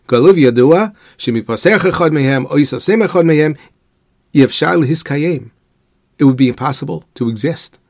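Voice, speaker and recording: A man's voice: mid-range voice, dry recording. Man, Torah teacher, rhetorical questions, dry recording. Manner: measured explanatory delivery, posing rhetorical questions; weaves Hebrew quotations into English. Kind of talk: religious lecture.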